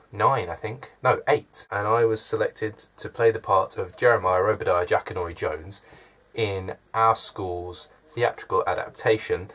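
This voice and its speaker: A man's voice: sits low, fairly bright tone. A man, chatting to camera from his room with dry, self-deprecating humour. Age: early 20s. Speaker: vlogger. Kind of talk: casual chat to camera.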